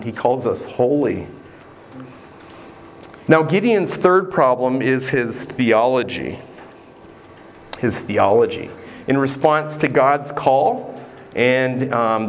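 A man's voice: medium pitch, a little hiss or hum. A man preaching a sermon in an earnest, conversational way, sometimes restarting a phrase. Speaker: pastor.

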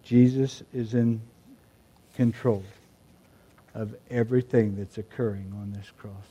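A man preaching a sermon, moving between quiet reflective passages and loud emphatic shouts. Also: fairly low pitch, steady tone, measured pace. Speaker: pastor.

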